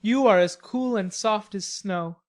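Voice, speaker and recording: A woman reading an audiobook, voicing an idle, teasing young gentleman with drawling, mock-polite banter. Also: medium pitch, unhurried, lightly acted. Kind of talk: audiobook character voice.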